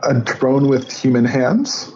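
A man's voice: medium pitch, expressive, takes it slowly, a little mellow. Male co-host, chatty and meandering; dull lo-fi line with light background hiss. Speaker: podcast co-host. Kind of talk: casual chat.

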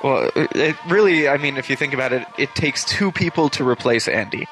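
A man's voice: medium pitch, animated, brisk, a bit bright, faint music behind. A man hosting a podcast in casual chat, rambling and correcting himself as he talks. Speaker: podcast host.

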